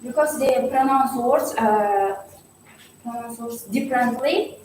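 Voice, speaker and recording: A young woman answering questions at her thesis defense. She halts often and fills pauses with "uh". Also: on the high side, a little mellow. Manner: halting, many fillers. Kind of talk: hesitant exam answers. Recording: echoey hall from far off, faint noise.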